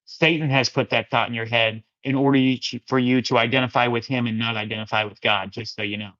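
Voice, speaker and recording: Male faith-chat host, mid-pitched, loose rambling delivery, dull lo-fi sound. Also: steady tone, quick pace, fairly bright tone. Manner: rambling, casual, calls listeners "my friend" and "brother". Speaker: Christian livestream host. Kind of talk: casual live chat answering comments.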